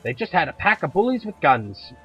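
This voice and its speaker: Man doing a blunt, gruff Irish huntress, husky and higher than his own voice, swinging lively up and down, faint game music underneath. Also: a little fast, lo-fi sound, heavily acted. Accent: put-on Irish, drifting toward Scottish. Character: tough middle-aged Irish woman, blunt monster hunter.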